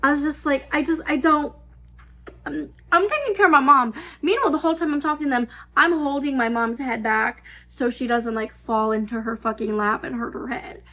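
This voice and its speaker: A woman's voice: high-pitched, fairly quick, bright, forceful tone. A woman in her twenties telling a storytime vlog, rambling and filler-heavy, swearing freely. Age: 20s. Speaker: vlogger. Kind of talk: casual storytime.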